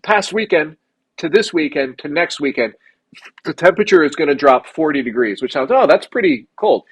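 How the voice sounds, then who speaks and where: A man from South Dakota co-hosting a podcast, telling profane, animated stories in casual chat. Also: fairly high pitch, normal speed, breathy edge, no room sound. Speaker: podcast co-host.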